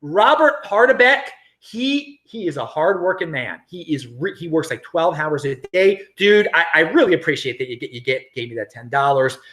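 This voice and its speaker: A middle-aged American man hosting a casual livestream, reading viewer comments in an animated, chatty way with frequent laughs and restarts. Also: fairly high pitch, moderate pace, hardly any pauses. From United States. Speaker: crypto livestream host.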